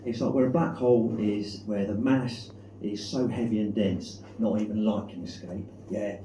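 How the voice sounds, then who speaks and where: A middle-aged man with a South London accent, doing a stand-up comedy set. He is deadpan and self-deprecating, with lots of ums and uhs. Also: lowish voice, normal speed. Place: comedy club stage with live audience. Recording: echoey room, mic far off, noisy.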